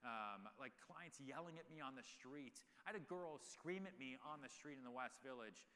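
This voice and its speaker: A man's voice: medium pitch, normal speed, pushed and bright. A man in his thirties telling stories animatedly with many fillers in a live on-stage Q&A at a large event hall. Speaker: guest speaker.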